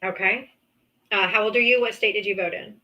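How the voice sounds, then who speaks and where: A woman's voice: medium pitch, steady tone, fairly quick, bright, forceful tone, highs cut off. A woman hosting a livestream call-in, arguing politics bluntly and with profanity, cutting in on her guest. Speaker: livestream host. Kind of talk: heated political call-in debate.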